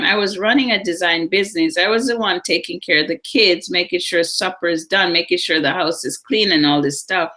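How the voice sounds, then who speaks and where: A middle-aged woman co-hosting a live psychic talk show, telling personal stories in a lively, animated way. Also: mid-range voice. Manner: storytelling, animated, acts out voices in anecdotes. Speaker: psychic co-host. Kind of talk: casual chat on a live show.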